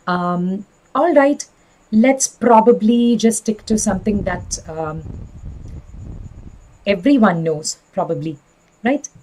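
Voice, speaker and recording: A woman in her thirties with an airy, breathy voice, chatting warmly with her students as an online teacher. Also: medium pitch, poor audio. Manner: friendly, addresses children, laughs often. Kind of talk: live class sign-off chat.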